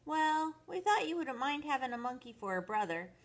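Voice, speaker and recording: A woman's voice: high-pitched, big pitch swings, moderate pace, pitched above the performer's own voice. A woman voicing a scared little toddler boy who stammers and frets in a storybook read-aloud. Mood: pleading. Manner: anxious, stammering.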